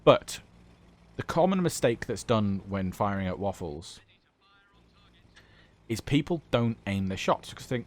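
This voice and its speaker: A man's voice: fairly low pitch, sing-song, unhurried, pauses often. A British man giving enthusiastic, chatty commentary over a gameplay replay as a gaming YouTuber.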